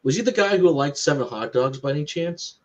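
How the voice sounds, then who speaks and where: A man's voice: on the high side, expressive, a little fast. A man co-hosting a casual live stream, giving emphatic and opinionated film takes. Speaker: podcast co-host. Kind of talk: casual chat. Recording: slightly dull lo-fi audio.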